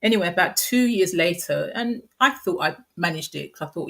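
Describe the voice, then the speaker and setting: A middle-aged woman with a low voice tells a painful personal story in an interview. She talks softly and haltingly, often pausing and restarting her sentences. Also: lively intonation, vocal fry. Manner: soft, halting, frequent restarts and fillers. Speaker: guest sharing a personal story.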